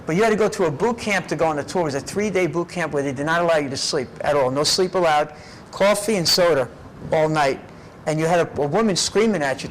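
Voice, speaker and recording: Middle-aged guy telling his life story, kinda high voice, animated, throws in "right?" a lot. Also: a little hiss or hum, rough recording. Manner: animated storyteller, often tags lines with "right?". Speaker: documentary subject.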